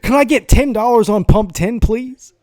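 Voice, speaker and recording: A man's voice: very high voice, normal speed, darkish tone, dry recording, studio quality, pitched above the performer's own voice. A man putting on an exaggerated impression of a showy male afternoon radio host. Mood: mocking. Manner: exaggerated announcer voice.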